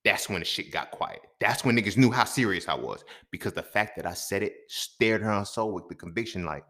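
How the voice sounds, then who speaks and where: A man hosting a podcast, telling a story in an animated, profane way that swings between loud outbursts and muttered asides. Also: on the low side, fairly quick. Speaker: podcast host. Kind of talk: storytelling monologue.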